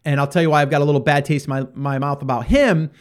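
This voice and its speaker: A man hosting a podcast, talking in a high-pitched voice as he tells a story off the cuff. He is animated, acting out both sides of conversations and often restarting his sentences. The delivery is loose and conversational, with plenty of fillers. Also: quick pace. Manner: animated, acts out quoted exchanges. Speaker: podcast host. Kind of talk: casual storytelling monologue.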